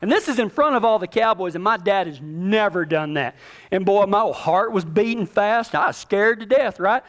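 A man's voice: sits high, lively intonation, normal speed, a bit bright. A man, telling a ranch story in a folksy, plainspoken way. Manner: folksy, plainspoken, with repetitions and rural phrasing. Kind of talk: casual spoken storytelling.

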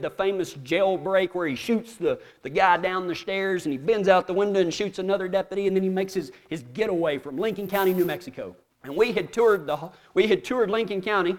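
A man from Texas with a drawl preaching a sermon, telling folksy stories and swinging from hushed asides to shouts. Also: high voice. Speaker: pastor.

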